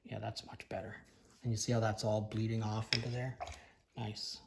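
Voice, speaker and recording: A man with a slightly hoarse voice, walking through a painting lesson in a relaxed, offhand tone. His voice sits low and has a gravelly edge. He speaks in a flat, even pitch, stopping now and then to correct himself. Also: moderate pace, slight background noise. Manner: relaxed, thinking aloud, self-correcting. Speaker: painting instructor. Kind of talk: casual tutorial narration.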